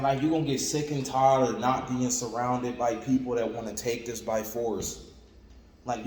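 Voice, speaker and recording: A man's voice: medium pitch, a little mellow, a little hiss or hum. A man preaching an informal sermon in a conversational, repetitive way, with lots of "like" and "you know what I'm saying". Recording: echoey room with long reverb and faint ambience.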